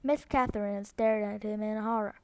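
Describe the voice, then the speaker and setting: A woman's voice: medium pitch, steady tone, normal speed, darkish tone, dry recording. Novel reader: a woman, non-native in English, reading steadily with small stumbles, close and dry. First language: Korean. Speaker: book reader.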